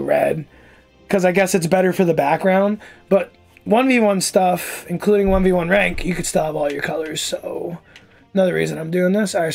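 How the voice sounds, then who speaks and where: A man's voice: high voice, gravelly, a little mellow. A man giving casual, profane gameplay commentary as a streamer, trash-talking and easily annoyed. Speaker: gaming streamer.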